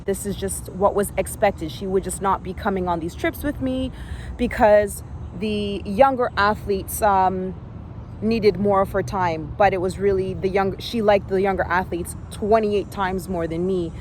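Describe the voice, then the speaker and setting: A woman's voice: mid-range voice, unhurried, darkish tone, a little hiss or hum. A woman in her thirties from Canada, a former elite gymnast, telling her own story in a candid, emotional way with frequent fillers. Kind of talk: personal storytelling vlog.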